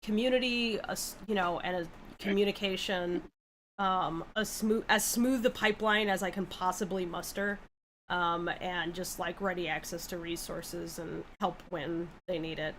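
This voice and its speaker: A woman's voice: fairly low pitch, fairly even intonation, moderate pace, a bit bright, slight background noise. A woman leading a small animation project, talking wordily in a casual livestream chat. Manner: wordy, lots of fillers and restarts.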